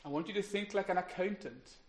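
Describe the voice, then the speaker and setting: A man preaching a sermon in an earnest way, building to emphatic peaks and then dropping quiet. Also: sits high, fairly quick. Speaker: pastor.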